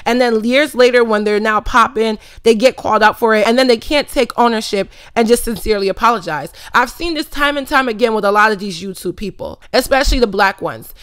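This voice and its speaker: A woman's voice: on the high side, clear, resonant tone, dry recording, clean studio sound. A 21-year-old woman from Philadelphia, a vlogger giving sassy, emphatic commentary that roasts its target. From Philadelphia, USA. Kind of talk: commentary rant.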